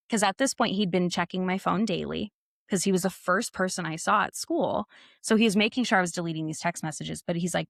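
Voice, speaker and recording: A young adult woman, an interview guest, telling a personal story in a lively way and acting out the dialogue she quotes. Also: lowish voice, brisk, creaky, no room sound, studio quality.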